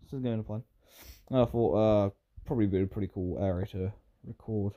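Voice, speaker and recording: A British gaming YouTuber's voice is fairly low and fairly quick, with the highs cut off. He rambles over his Minecraft play, frequently breaking off mid-thought.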